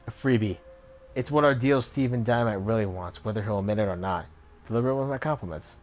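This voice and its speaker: A man's voice: lowish voice, quick pace, natural voice. A man voicing a smug, suave male street dealer in a video game, speaking in a cool, evasive way.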